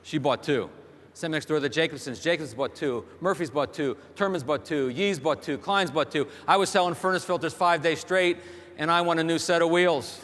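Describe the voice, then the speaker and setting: A man's voice: a little high, normal speed, fairly bright tone. A man giving a motivational keynote speech on a large hall stage, telling stories and firing rhetorical questions at the audience through a stage microphone. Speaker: keynote speaker. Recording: long hall reverb from a stage.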